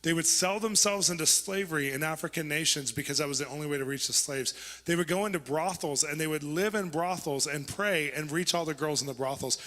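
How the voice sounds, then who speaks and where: A man preaching a sermon, telling stories and acting out the people in them with lively energy. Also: fairly high pitch, a little fast, few pauses, big-room sound. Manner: animated, acts out quoted voices. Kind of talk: sermon with storytelling.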